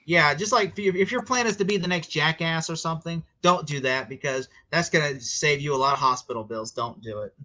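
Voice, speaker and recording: A man's voice: on the high side, a little fast, few pauses, sharp tone, rough recording. A man with an American accent hosting a casual livestream chat, rambling and chatty with laughing asides. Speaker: host.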